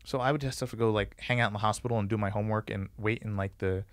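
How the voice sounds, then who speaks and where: A man in his forties with a low, smooth, resonant voice, recorded dry and close. He talks as a podcast guest, rambling through stories with lots of "like" fillers and putting on the voices of people he quotes. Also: steady tone, very fast, dry recording. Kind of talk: casual storytelling interview.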